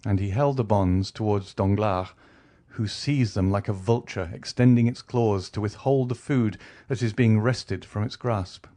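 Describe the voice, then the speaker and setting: A man narrating a classic novel as an audiobook in a steady, expressive storytelling manner. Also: lowish voice. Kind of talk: scripted narration.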